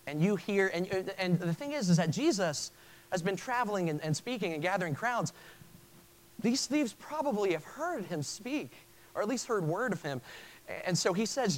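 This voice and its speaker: Earnest preaching man, halting restarts. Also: sits high, big pitch swings, poor audio. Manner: earnest, with frequent stammered restarts. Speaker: pastor. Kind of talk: sermon.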